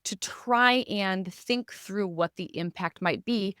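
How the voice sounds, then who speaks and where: A woman's voice: medium pitch, slow pace, fairly bright tone, clear, resonant tone, dry recording, clean studio sound. A woman hosting a casual podcast discussion, reflective and searching for words as she poses questions. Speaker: podcast host.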